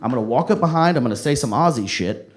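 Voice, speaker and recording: Animated young male stand-up comic. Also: mid-range voice, fast talker. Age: young adult. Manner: animated, profane, storytelling. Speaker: stand-up comedian. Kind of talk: stand-up storytelling. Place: live comedy club. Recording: noisy live club recording.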